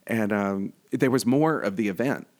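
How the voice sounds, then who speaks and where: Host guy with a lowish voice, gushing through a story, lots of ums. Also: moderate pace. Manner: chatty, filler-heavy, excitable storytelling. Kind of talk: casual chat.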